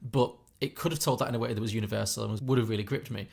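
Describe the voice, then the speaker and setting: A man's voice: lowish voice, steady tone, rapid-fire, creaky, darkish tone, breathy edge. A British man co-hosting a podcast, chatting about films in an opinionated way with frequent restarts. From Britain. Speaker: podcast co-host. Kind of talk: casual film review chat.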